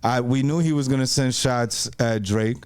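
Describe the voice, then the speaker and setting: A man in his forties talking through his opinions in a relaxed podcast conversation. His voice is smooth and resonant, and it sits at an ordinary middle pitch. He makes his points in a measured, steady way. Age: 40s. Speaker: podcast co-host. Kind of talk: casual chat.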